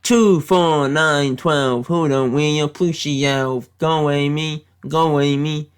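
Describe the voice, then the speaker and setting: A British man putting on an American accent, giving deadpan, mock-serious tier-list commentary with rambling tangents. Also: fairly high pitch, slow, clean tone. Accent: put-on American accent. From Britain. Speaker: YouTube commentator.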